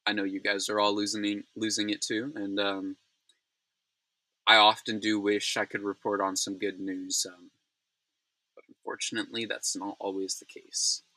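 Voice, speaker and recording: A man's voice: lowish voice, level tone, normal speed, sharp tone, dry recording, low-quality recording. A man hosting a solo news recap in a casual, rambling way, full of fillers, yawning and sounding frazzled. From United States. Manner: tired, rambling, self-deprecating, many fillers.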